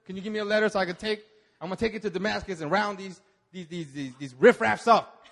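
Man voicing an angry zealous Pharisee, blustering, fired up, fairly high voice, sermon retelling. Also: fast talker, fairly bright tone, long reverb tail.

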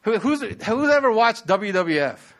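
A man's voice: high voice, sing-song, measured pace, a bit bright. A man preaching a sermon, telling the story with animation and asking the audience rhetorical questions.

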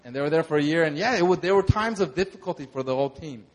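A young man, a pastor, telling a lively sermon testimony and acting out the moments in his story. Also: a little high, very fast. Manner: animated storytelling, acts out shouts.

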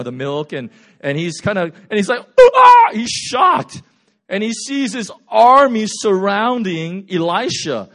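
A male preacher in full storytelling mode, his voice jumping from loud, quick bursts to hushed, slow lines. He acts out characters as he goes and keeps the delivery casual and conversational. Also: medium pitch. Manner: swings from loud and fast to quiet and slow. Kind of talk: sermon.

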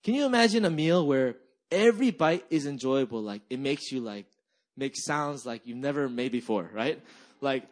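A young man preaching a sermon as a pastor, animated and conversational, peppering his talk with "right?" and "like". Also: medium pitch, normal speed. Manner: animated storytelling, frequent "right?" and "like".

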